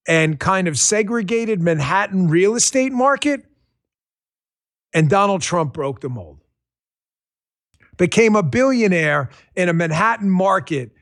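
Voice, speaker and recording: A middle-aged man, hosting a political podcast with an emphatic, animated storytelling manner. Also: sits high. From New York. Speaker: podcast host. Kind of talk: political commentary monologue.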